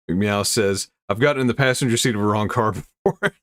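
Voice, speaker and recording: A man's voice: fairly low pitch, moderate pace, a bit bright, no room sound, studio quality. A man hosting a casual live-streamed chat about odd news stories, laughing often and rambling as he reacts to viewer comments. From United States. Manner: chuckling, rambling, self-interrupting. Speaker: streamer host.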